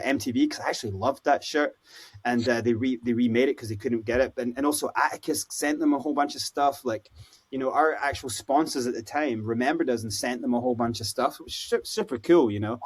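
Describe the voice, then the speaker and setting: A Scottish man, a podcast guest, telling stories in a casual, animated way and acting out the voices of people he quotes. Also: medium pitch, a little fast, husky. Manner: animated, acts out quoted voices, lots of "you know, like". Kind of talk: casual storytelling interview.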